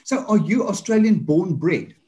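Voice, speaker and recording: A man's voice: sits high, animated, moderate pace, dark tone, husky. A South African man from Johannesburg, an Afrikaans speaker, hosting a podcast and chatting with a guest in a self-deprecating, storytelling way. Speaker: podcast host. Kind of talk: podcast interview.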